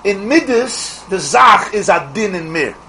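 A middle-aged rabbi teaches a Torah class in a high-pitched, animated voice that sounds pushed and bright, firing off rhetorical questions and quickly restarting phrases. The recording is rough, with slight background noise.

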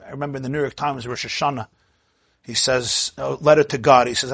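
A man teaching a Torah class as a rabbi, telling stories and acting out quoted speech with big jumps in pitch and loudness, thinking aloud with restarts. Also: fairly even intonation, a little fast, gravelly, husky, no echo, clean studio sound. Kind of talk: Torah lecture.

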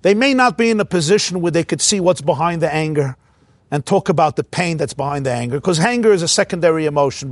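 A man with a high voice teaches a religious lesson in a lively, animated way, slipping into the voices he quotes. The sound is dry and close, with no room around it. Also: no room sound. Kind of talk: spoken Torah lesson.

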